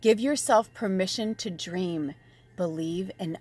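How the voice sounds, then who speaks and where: A woman giving a casual spiritual tarot reading, chatty and animated, swearing freely and dropping at times to a soft near-whisper. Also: medium pitch, normal speed, faint music behind. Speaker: tarot reader and medium.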